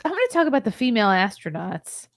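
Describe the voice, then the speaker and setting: A woman's voice: a little high, sing-song, fast, creaky. A young adult woman hosting a casual podcast, reading news items aloud with wry asides and laughs. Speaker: podcast host.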